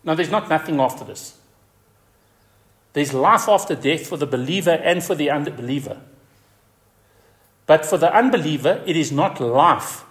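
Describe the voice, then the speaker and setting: A male pastor delivering a sermon with emphatic force. His voice sits a little high and rises sharply when he drives a word home. He repeats key words to stress them. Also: animated, moderate pace, long pauses, fairly bright tone.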